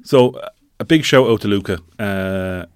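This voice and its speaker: A man's voice: fairly low pitch, normal speed, a crowd in the background. A man co-hosting a casual chat show, talking conversationally with wry asides and plenty of fillers. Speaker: podcast co-host.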